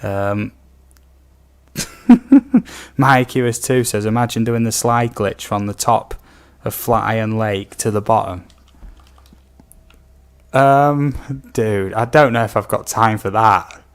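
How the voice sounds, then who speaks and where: Low, clear and resonant, a young British man's voice takes things slowly with long pauses. He's a gaming streamer in casual live-stream chat, rambling through viewer questions with many ums and asides.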